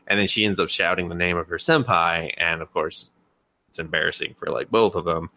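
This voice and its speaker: Bright, rambling male podcast host. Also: deep voice, fairly even intonation, fairly quick. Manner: rambling, laughing retelling with filler words. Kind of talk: casual chat.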